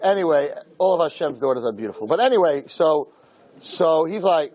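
A man's voice: fairly high pitch, very animated, moderate pace, darkish tone, poor audio. A man giving a humorous sermon as a rabbi, telling a story with acted-out dialogue and speaking directly to his listeners. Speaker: rabbi teaching a class.

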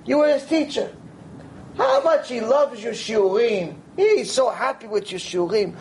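A man's voice: very high-pitched, lively intonation, a little slow, a little mellow, a little hiss or hum, full character voice, rough recording. A man voicing a simple, awestruck old woman in a story who keeps repeating "wow" in wonder. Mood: awed.

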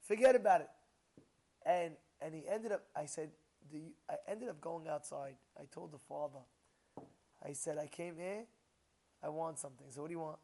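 A male rabbi giving a storytelling sermon, animated, acting out the people he quotes with sudden shouts and then dropping to a low murmur. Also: moderate pace, vocal fry. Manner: drops to a low murmur between outbursts.

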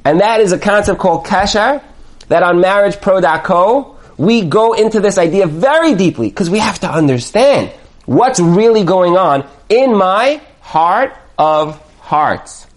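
Male Torah teacher, high voice with wide swings. Lively storyteller who plays out dialogues. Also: measured pace. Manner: animated, acts out dialogues. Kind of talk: spoken Torah lesson.

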